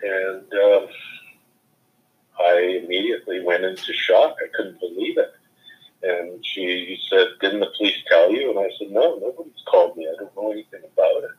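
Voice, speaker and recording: A man's voice: sits low, normal speed. A middle-aged father telling a personal account in a subdued, plain, matter-of-fact way. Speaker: bereaved father. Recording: dull lo-fi recording.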